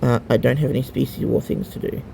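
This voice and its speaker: Male gamer, deep-toned and gravelly, casual hesitant walkthrough with lots of filler and the odd swear. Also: steady tone, quick pace, dark tone, a little hiss or hum. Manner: rambling and hesitant, many ums and restarts. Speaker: mobile gamer showing a game to a friend.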